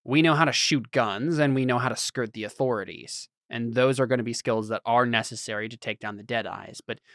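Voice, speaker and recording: A man's voice: medium pitch, a little fast, a bit bright, no echo, studio quality, lightly acted. A man doing a wary, businesslike gang boss. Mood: probing.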